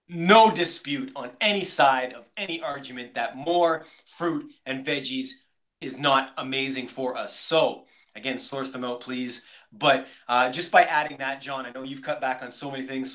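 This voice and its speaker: Bright and forceful in a mid-range voice, this co-host of a casual podcast brings enthusiastic, upbeat energy, addressing his audience directly as "beautiful people."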